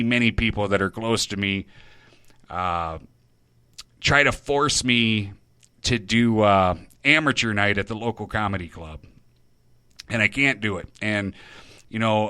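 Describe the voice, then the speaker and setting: A middle-aged radio host talks in a nervous, meandering confessional, constantly tripping over his words and starting again. His voice is bright and edgy, sitting close on a dry mic with no room sound. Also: on the low side, a little slow, smooth, no room sound. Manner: nervous, self-interrupting, restarts often. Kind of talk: rambling confessional monologue.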